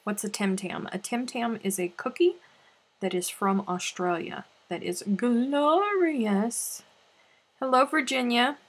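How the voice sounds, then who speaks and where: A woman hosts a casual live craft stream, reading viewers' comments aloud and answering them in a playful, chatty way. Her voice sits at a middle pitch with a soft, breathy huskiness. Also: normal speed. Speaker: crochet livestream host.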